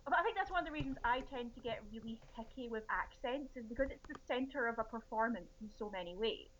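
Opinionated woman co-host, rattles on fast; lo-fi sound. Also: fairly high pitch, animated, a bit bright, a little hiss or hum. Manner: fast, opinionated, rambling asides. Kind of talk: casual chat.

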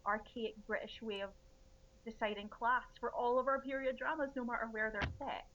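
A woman's voice: a little high, steady tone, moderate pace, fairly bright tone, dull audio, a little hiss or hum. A woman in casual podcast chat, opinionated and rambling with asides.

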